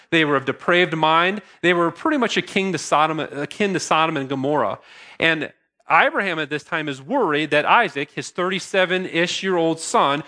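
A middle-aged pastor preaching to his congregation in a bright, forceful voice pitched a little high for a man. He talks earnestly, slipping into casual asides and restarting his sentences as he goes. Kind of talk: sermon.

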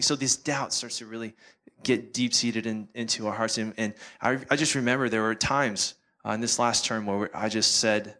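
Halting man with a bright, forceful voice. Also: lowish voice, steady tone. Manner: halting, earnest, repeats words. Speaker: missionary speaker. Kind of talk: testimony talk to a church.

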